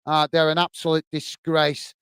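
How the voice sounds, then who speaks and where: A man's voice: a little high, monotone, moderate pace, fairly bright tone, clean tone, no room sound. A man hosting a live football watch-along stream. He rants passionately and chats with viewers, calling them mate, between bits of match commentary. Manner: passionate, ranting, chatty, addresses viewers as mate.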